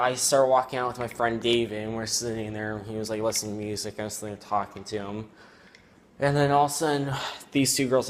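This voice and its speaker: A teenage boy telling a personal story at home, rambling and halting with many fillers. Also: mid-range voice, a little hiss or hum. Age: teens. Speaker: student vlogger. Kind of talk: casual storytelling.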